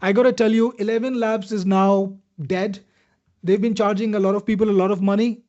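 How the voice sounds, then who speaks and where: A man with an Indian accent runs a live software demo in a chatty, pitching way, calling out viewers by name. His voice sits fairly high but mellow and warm in tone. The webinar audio is dull and lo-fi. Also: steady tone, a little fast. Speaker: webinar host demoing software.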